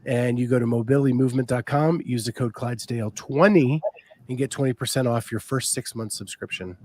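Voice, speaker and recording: A man hosting a podcast, chatting casually and reading sponsor spots in a relaxed way with frequent ums. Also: mid-range voice, fairly quick. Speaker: podcast host. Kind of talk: casual chat and sponsor reads.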